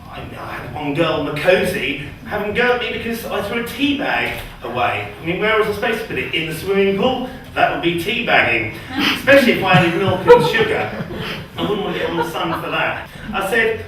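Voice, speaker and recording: A man doing a first stand-up set in a small comedy club, nervous and hesitant with many pauses and ums. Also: high voice, big pitch swings, background noise. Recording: echoey room from far off.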